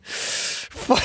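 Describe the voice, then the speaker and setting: A young man makes music while chatting to his live audience in a bright, forceful voice, captured in a dry recording. He's rambling and profane, teases himself and frequently breaks off to restart his sentences.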